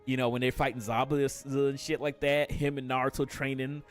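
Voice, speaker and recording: A man's voice: medium pitch, level tone, a little fast, soft background music. A man ranting casually on a live stream, swearing constantly, laughing often and jumping into quoted character voices.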